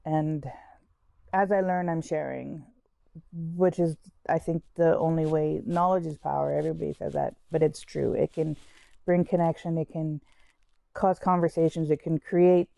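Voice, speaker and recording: A woman's voice: deep voice, steady tone, moderate pace, gravelly, mellow, dry recording. A woman candidly telling her own life story in a conversational way, full of restarts and "like". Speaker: interviewee sharing her story. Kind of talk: personal storytelling.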